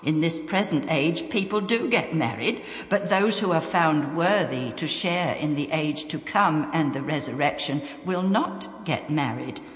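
A woman voicing a calm, authoritative male teacher who answers in a measured, firm way. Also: deep voice, roomy sound, in a large hall. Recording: music playing underneath.

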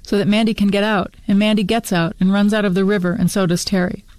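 A woman's voice: mid-range voice, steady tone, darkish tone, no echo. Woman reading her own story aloud. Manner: brisk storytelling with run-on sentences.

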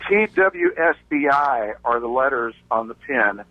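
A man calling in to a radio show, talking in a halting, stammering, good-humored way. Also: mid-range voice, animated. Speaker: caller. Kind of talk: call-in radio chat. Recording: dull, lo-fi phone line.

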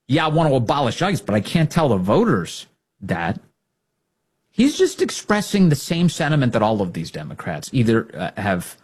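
Animated political talk show host, man. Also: mid-range voice, slightly rough. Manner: animated, mocking impressions. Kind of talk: political commentary.

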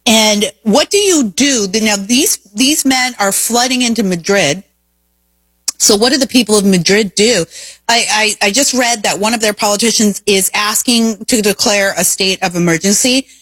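A woman's voice: medium pitch, normal speed, a bit bright, breathy edge, no room sound. A woman hosting a talk show, delivering an emphatic, opinionated monologue full of rhetorical questions. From Indiana, US.

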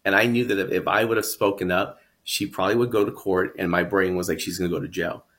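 A man's voice: low-pitched, fairly even intonation, fast talker, a bit bright. A man, a guest in an interview, telling his own story earnestly and reflectively, often repeating words as he builds up. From San Antonio, Texas.

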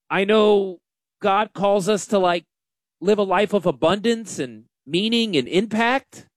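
A man hosting a financial radio show, talking in a folksy, self-deprecating, animated way. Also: high-pitched, no echo, studio quality. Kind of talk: casual radio talk.

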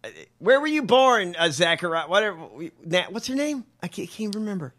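Animated, profane man reacting in disbelief. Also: high-pitched, brisk. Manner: incredulous, animated, swears a lot. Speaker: podcast host. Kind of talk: profane casual commentary.

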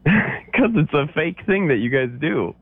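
Older caller needling over a phone line. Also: male voice, a little high, big pitch swings, slow, husky. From Orange County, California. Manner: needling, playful ribbing. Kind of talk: casual call-in radio banter. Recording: tinny dry phone line.

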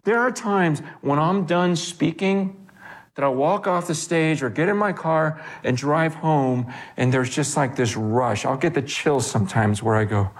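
A middle-aged man, a pastor, preaching a sermon in a lively way, often stumbling and repeating words as he starts a thought. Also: normal speed. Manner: animated, wide pitch swings, repeats words when starting.

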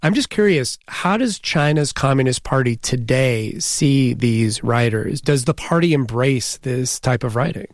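A male news host interviewing a guest in a measured, conversational way. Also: medium pitch, lively intonation, dry recording, clean studio sound.

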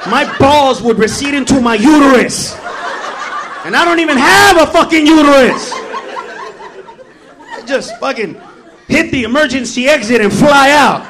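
Man, stand-up comedian, very high voice, profane ranting with shouted bursts. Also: animated, normal speed, pauses often, a crowd in the background, noisy background. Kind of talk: stand-up routine.

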